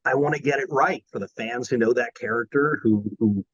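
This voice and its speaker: A man guest telling stories in a casual interview, excitable and animated. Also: mid-range voice, brisk, husky, dry recording, dull audio. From Maryland, USA. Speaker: voice actor guest.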